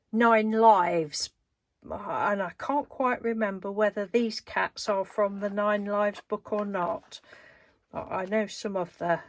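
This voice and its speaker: A woman chatting casually through a craft show-and-tell, rambling and laughing now and then. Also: mid-range voice. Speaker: craft vlogger.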